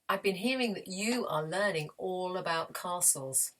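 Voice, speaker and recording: A woman teaching a children's music lesson, gently and encouragingly, with playful voice demonstrations. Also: lowish voice, a little slow. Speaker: primary school music teacher.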